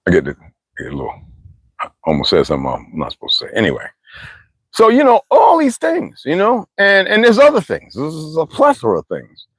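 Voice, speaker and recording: A man telling rambling, profane stories in a casual monologue, full of asides and sudden swings from low mutters to high exclamations. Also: huge pitch swings, fairly quick, breathy edge, no room sound. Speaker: channel host.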